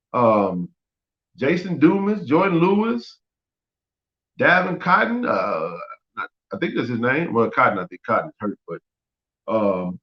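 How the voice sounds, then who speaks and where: A man hosting a sports podcast, talking casually and teasing rival fans, his voice jumping up when he gets worked up. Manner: animated, teasing, rising high when excited. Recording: roomy, dull lo-fi sound.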